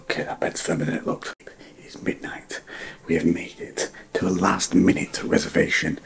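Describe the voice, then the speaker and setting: A man whispering a tired, hushed late-night vlog from a farmhouse bedroom. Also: sits low, flat delivery, moderate pace, creaky. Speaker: motorbike travel vlogger.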